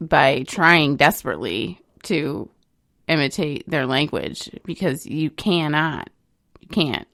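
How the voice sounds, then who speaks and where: A woman co-hosting a casual podcast about recovery, speaking in a measured way and gently scolding her partner, with many fillers. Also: deep voice, lively intonation, no room sound, clean studio sound. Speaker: podcast co-host.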